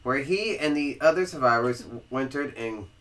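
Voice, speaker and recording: Co-hosting a podcast, a man with a Southern American accent reads history aloud, mixing in banter and stumbling over words, restarting as he goes. His voice is medium-pitched and a bit bright, at a normal pace.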